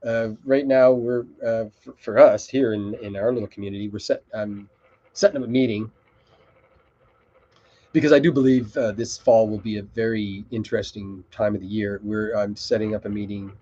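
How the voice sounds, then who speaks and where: A man's voice: on the low side, fairly even intonation, normal speed, dark tone, dull audio. A middle-aged man hosting a live web show, rambling and swearing casually as he talks. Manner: rambling, swears, easily distracted.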